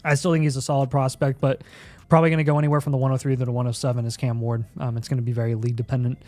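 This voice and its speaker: A man's voice: mid-range voice, flat delivery, rapid-fire, a little mellow, no room sound, faint music behind. Man rambling through fantasy draft analysis. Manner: rambling, repeats words, clears throat often. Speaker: fantasy football analyst, co-host. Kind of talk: casual live-stream chat and draft analysis.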